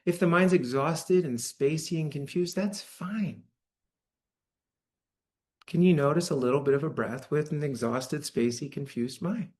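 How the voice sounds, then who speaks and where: With a fairly high, slightly mellow voice and a measured pace, a meditation teacher offers a dharma talk to a live church-hall audience. He talks conversationally, regularly checking in with "right?"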